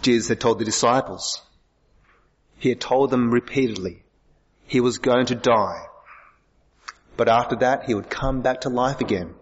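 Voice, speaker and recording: A man's voice: medium pitch, moderate pace, pauses often, breathy edge, big-room sound. A male pastor giving an earnest sermon, full of rhetorical questions. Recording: dull lo-fi sound.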